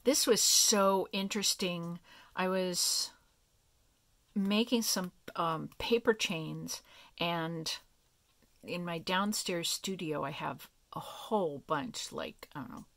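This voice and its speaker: Woman crafter, low and unhurried, gravelly, soft rambling show-and-tell. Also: dry recording. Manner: soft, meandering, thinking aloud with many fillers. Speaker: craft vlogger.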